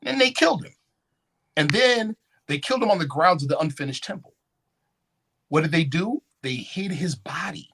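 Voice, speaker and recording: A man giving a lecture at a conference, often checking in with the audience with questions. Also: high-pitched. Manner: animated, call-and-response questions. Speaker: conference speaker. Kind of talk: lecture with slides. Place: conference hall.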